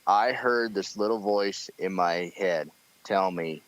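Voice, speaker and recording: A man's voice: low-pitched, slow pace, no room sound, muffled recording. A man calling in to a radio show, earnestly recounting a personal story. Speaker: caller.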